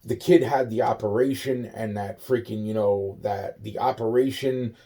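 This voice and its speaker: A young man rants in a rambling, agitated stream, swearing constantly and circling back over the same words. His voice sits low with a dark, mellow tone, and he often drops into muttered asides. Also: steady tone, moderate pace. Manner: profane, repetitive, trailing off into muttered asides. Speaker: monologue speaker.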